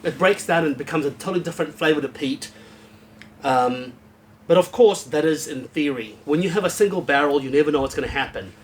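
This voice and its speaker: A man's voice: fairly high pitch, a little fast, a little hiss or hum. A man hosting a casual, unscripted whisky review, rambling and blunt, swearing freely.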